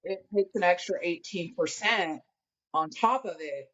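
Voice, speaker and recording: A woman telling a workplace story in a casual podcast chat, animated and acting out what people said. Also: lowish voice, a little slow, highs cut off. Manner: animated, acts out quotes while telling a story. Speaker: guest friend.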